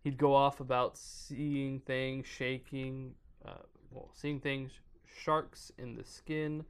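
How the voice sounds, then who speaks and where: Gravelly man casually reading horror. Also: mid-range voice, flat delivery, takes it slowly. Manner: reads aloud, stumbles, breaks off to joke. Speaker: podcast host.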